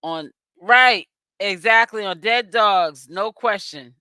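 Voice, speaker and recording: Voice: medium pitch, bright, forceful tone, clean tone, dry recording, studio quality. A host from Boston with a Boston accent, giving sassy, chatty live-stream commentary and reading viewers' chat aloud. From Boston, Massachusetts. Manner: sassy and chatty, with drawn-out exclamations. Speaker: host of a celebrity gossip channel.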